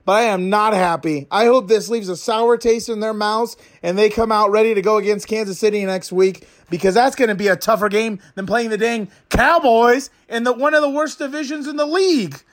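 A man's voice: sits high, fairly even intonation, brisk, hardly any pauses, natural voice. A man voicing a fired-up young male football fan who rants crudely in a comic character monologue. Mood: fuming. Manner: ranting, exasperated, crude.

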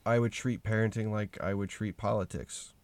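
A man appearing as a guest on a podcast, talking casually with halting, stammering restarts. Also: lowish voice, fairly even intonation, a little mellow, dry recording. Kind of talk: casual chat. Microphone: remote recording platform.

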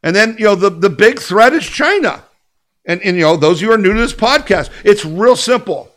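A man's voice: high voice, lively intonation, brisk, a bit bright. A man hosting an opinion podcast, talking emphatically and combatively, repeating his points and asking the listener rhetorical questions. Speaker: podcast host. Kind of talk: opinion commentary.

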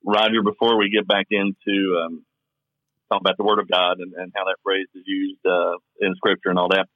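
A man's voice: low voice, level tone, a little fast, no echo. A man from Kentucky with a Southern drawl, co-hosting a podcast and talking through his views at length. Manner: thoughtful, explaining at length. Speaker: podcast co-host. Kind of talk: casual podcast chat. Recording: tinny phone line.

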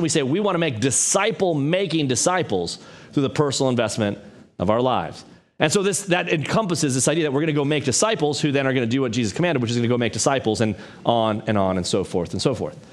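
A man preaching a sermon in a church, his voice pitched a little high. He talks in a casual, conversational way, rises and drops a lot as he makes his points, and drops in jokes at his own and the congregation's expense. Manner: conversational, animated, self-deprecating humor. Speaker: pastor.

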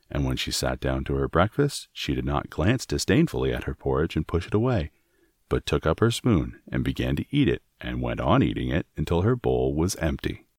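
A man narrating a storybook in a measured, expressive reading. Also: a bass voice, no echo, clean studio sound. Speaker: audiobook narrator.

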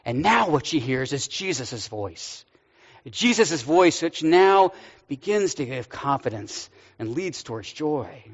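A man's voice: fairly high pitch, big pitch swings, takes it slowly. Older man preaching in a reverberant hall. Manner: storytelling, conversational with light humor. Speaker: pastor. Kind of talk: sermon. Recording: dull audio with long hall reverb.

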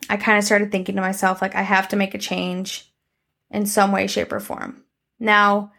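A woman's voice: mid-range voice, gravelly, a bit bright. A young woman telling a candid personal life update to her camera in a casual, conversational way, full of fillers and the odd swear word. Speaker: vlogger.

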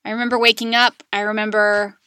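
A woman's voice: medium pitch, little pitch movement, a little fast, pushed and bright, smooth, no room sound. Candid woman telling a hard story. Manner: candid, emotional, frequent fillers. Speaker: guest. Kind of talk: personal story interview. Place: Charlotte area.

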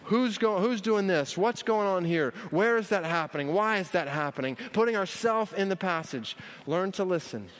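A man preaching a teaching sermon in a church, energetic and emphatic, often repeating key phrases. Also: high-pitched, normal speed, hardly any pauses. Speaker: pastor. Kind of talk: sermon teaching on Bible study. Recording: long hall reverb.

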